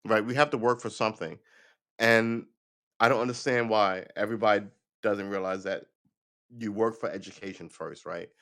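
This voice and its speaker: A man's voice: on the low side, normal speed, a bit bright. A middle-aged man hosting a livestream, chatting casually to viewers in a loose, rambling way, swearing and laughing often. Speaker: livestream host.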